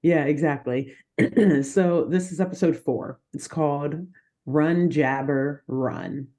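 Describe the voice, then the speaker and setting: A woman co-hosting a podcast, recapping a cartoon episode in an animated, laughing chat. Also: sits low. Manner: animated, laughing, quick asides. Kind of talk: casual chat.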